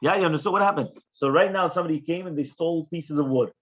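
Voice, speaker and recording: A man, a rabbi, teaching a Talmud class in an animated way, often checking in with questions. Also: fairly high pitch, fast talker. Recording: dull lo-fi recording.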